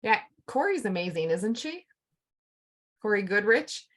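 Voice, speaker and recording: A woman's voice: medium pitch, big pitch swings, unhurried. A woman chatting casually over a video call, gushing with enthusiasm about people and events.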